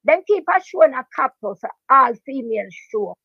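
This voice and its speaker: An older woman with a strong Jamaican accent tells her story in quick bursts of patois and keeps hammering the same point home. Her voice sits high, and the recording sounds dry and a little dull. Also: creaky, slightly rough, no echo. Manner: animated patois storytelling, emphatic repetition. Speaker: veteran dancehall DJ, guest. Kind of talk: storytelling interview.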